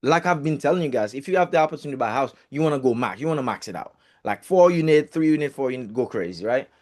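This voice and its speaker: A man's voice: mid-range voice, animated, rapid-fire, a little mellow. A man telling a personal story in a casual, chatty way, with swearing and filler words. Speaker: real estate group speaker.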